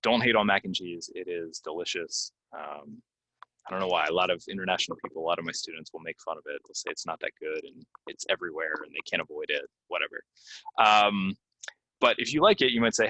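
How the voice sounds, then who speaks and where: A young man with a low but bright, forceful voice teaches English pronunciation. He talks casually, full of ums, then slows right down to model each word carefully. The sound is close and dry. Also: no echo. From United States. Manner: slow, stressed model pronunciations with many ums. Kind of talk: casual spoken lesson to learners.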